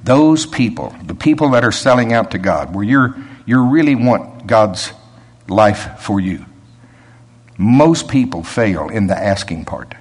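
A man's voice: on the low side, lively intonation, unhurried, husky. A man preaching a sermon in a conversational way, rising to emphatic peaks and chuckling between points.

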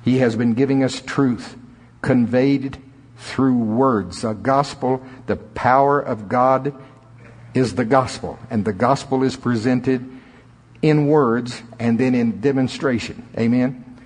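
A man preaching a sermon, with sudden climbs in pitch and slow, drawn-out emphasis. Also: darkish tone. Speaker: pastor. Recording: echoey hall reverb.

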